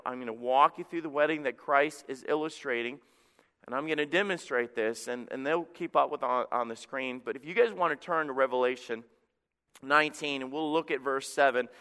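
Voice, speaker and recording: A middle-aged male pastor delivers a sermon, telling stories in an animated, self-deprecating way. His voice is bright and crisp, sitting a little high for a man. It rings out with a long church-hall reverb.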